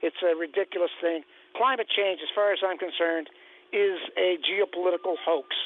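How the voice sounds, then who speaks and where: A man's voice: sits high, moderate pace. Older man on a tinny phone line. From Nova Scotia, Canada. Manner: blunt, sarcastic, hesitant with many uhs. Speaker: caller.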